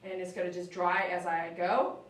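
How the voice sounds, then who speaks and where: Woman groomer, casual and chatty, coaxes the dog in a sing-song tone; mic set back in a boomy room. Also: little pitch movement, moderate pace. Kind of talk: casual live-stream chat while grooming. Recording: very echoey room, mic at a distance.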